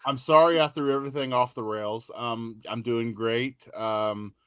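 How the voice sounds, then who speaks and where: Man from the US, casual podcast co-host, rambling and halting, dry sound. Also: medium pitch, fairly even intonation, clean tone, no echo. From United States. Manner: rambling, halting with many ums. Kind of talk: casual chat.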